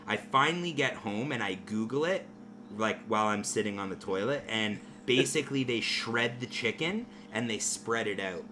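A man, hosting a podcast and telling a profane, animated story in casual talk. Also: fairly low pitch, moderate pace, background noise. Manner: profane, animated anecdote teller. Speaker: podcast host.

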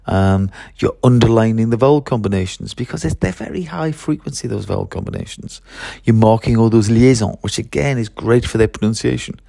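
A man's voice: mid-range voice, a little fast, creaky, mellow. A man who teaches French, talking through his methods in a chatty solo podcast, with fillers and restarts.

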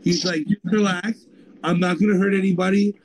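A man's voice: sits high, fairly even intonation, brisk, rough recording. A man voicing a masked male liquor thief who is overly courteous and soothing in a retold story. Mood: apologetic.

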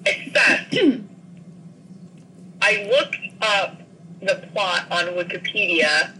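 A young woman co-hosting a podcast, sarcastic and teasing, breaking into loud laughing rants. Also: mid-range voice, animated, extremely slow, a little hiss or hum, rough recording. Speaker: podcast co-host. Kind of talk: casual chat.

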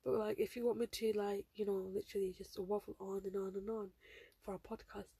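A teenage girl hosts her own podcast, rambling along with plenty of fillers. Her voice is husky and mellow, with little rise and fall. She sounds close to the mic, dry and unroomy. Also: medium pitch, steady tone, brisk, no echo. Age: teens. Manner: rambling, filler-heavy, chatty. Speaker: podcast host. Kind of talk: casual solo podcast chat.

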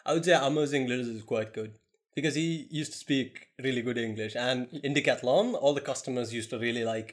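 A young man from Kerala with a Malayali Indian accent, telling stories in a casual chat with lively acted-out quotes and frequent laughter. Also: mid-range voice, a little fast. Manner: animated storyteller, laughs often, acts out quotes. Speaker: guest recounting stories.

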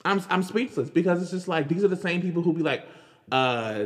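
A man's voice: sits high, a little fast. Guy hosting a podcast, casual chatty rants, laughs a lot, echoey room w/ long reverb. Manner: animated, laughing, repeats himself. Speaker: podcast host. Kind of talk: casual commentary.

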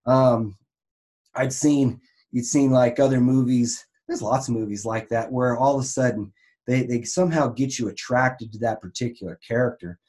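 A man's voice: medium pitch, fairly even intonation, moderate pace, darkish tone. A man who works in online marketing for a raw vegan health business gives a casual, rambling teaching talk, full of restarts and fillers.

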